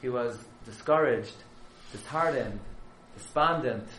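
A man who is a yeshiva rabbi, telling a story as a sermon, dramatic and surging from hushed to loud. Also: mid-range voice, takes it slowly, reverberant, a little hiss or hum, low-quality recording.

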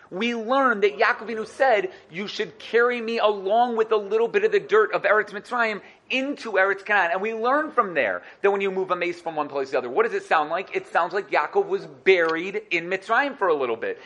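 A man giving an animated Torah lecture, acting out quotes and asking questions. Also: fairly high pitch. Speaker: Torah teacher.

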